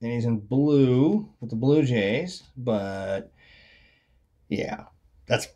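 A man's voice: mid-range voice, animated, extremely slow, warm tone. A man casually commenting on his baseball card collection, wry and mocking, often trailing off into mumbled asides.

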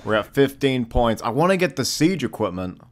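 A man giving casual let's-play commentary on a strategy game, excitable and swearing often, with frequent sudden exclamations. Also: medium pitch, normal speed. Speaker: gameplay commentator.

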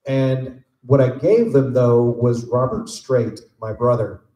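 A man answering fan questions on a convention panel, relaxed and jokey, rambling through stories. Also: mid-range voice, slow pace. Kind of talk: casual storytelling Q&A. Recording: echoey convention room.

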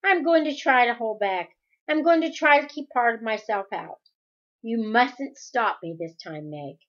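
A woman's voice: fairly high pitch, animated, measured pace, a bit bright, muffled recording. A woman reading aloud and voicing a precocious little boy who speaks in an earnest, grown-up way. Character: small boy, precocious and earnest, later eerily flat.

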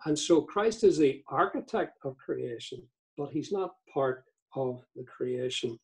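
A man delivering a teaching sermon in a church, measured and deliberate, reading quotations aloud. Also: mid-range voice, expressive, breathy edge, poor audio. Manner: measured, reads court transcript and scripture aloud. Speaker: visiting speaker on cults.

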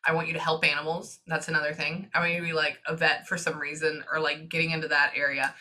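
A woman working as a psychic medium, giving a reading to a client and relaying messages in quick, chatty asides. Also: low-pitched, little pitch movement, sharp tone.

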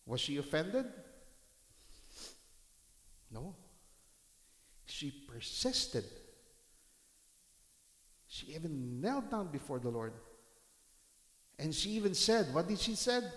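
A male pastor delivering a sermon, reading scripture aloud and breaking into dramatic shouted reenactments. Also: medium pitch, expressive, slow pace, long pauses. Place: church hall. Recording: roomy church hall with long reverb.

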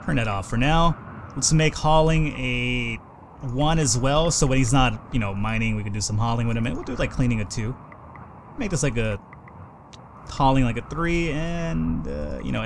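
A man talks his way through a strategy game as a let's play host, thinking out loud in a casual, mid-pitched voice. He swears freely when a move backfires. Soft game music plays underneath. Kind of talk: casual gameplay commentary.

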